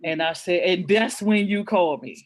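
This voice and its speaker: A woman speaks as a guest author, telling her story candidly and earnestly. Her talk is emotional and halting, with frequent restarts. The sound is dry and close. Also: on the low side, no echo. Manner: earnest, emotional, repeats herself while recounting. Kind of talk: candid personal storytelling in an interview.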